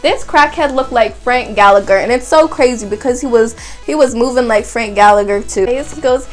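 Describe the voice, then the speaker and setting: Brief: young woman, 18, chatty and dramatic storyteller, slightly high voice. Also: moderate pace, soft background music. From Canada. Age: young adult, 18. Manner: chatty, dramatic retelling with frequent "like". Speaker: vlogger. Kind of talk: casual storytime.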